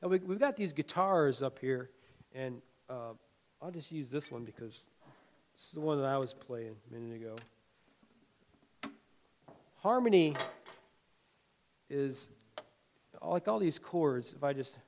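A man preaching a sermon in a folksy, conversational way, swinging between loud emphatic lines and quiet asides, with chuckles. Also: mid-range voice, expressive, a little slow, long pauses, soft background music. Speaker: pastor.

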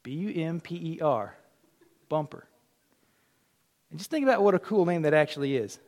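A middle-aged male pastor preaching a sermon, telling personal stories in an animated way, acting out quotes and dropping to a near whisper at times. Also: a little high, moderate pace.

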